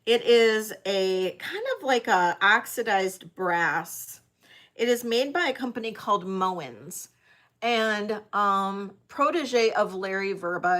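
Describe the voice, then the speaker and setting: A woman hosting a live online sale, chatting casually as she auctions vintage jewelry, with frequent ums and pauses. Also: medium pitch, fairly bright tone. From United States.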